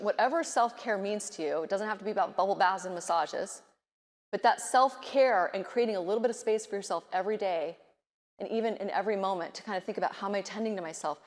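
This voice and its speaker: A middle-aged woman speaks from a conference stage, lively and expressive, and she slips into quick nervous inner voices to make her points. Her voice sits at a middle pitch and carries a long reverb from the big hall around her. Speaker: keynote speaker. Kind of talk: conference keynote speech.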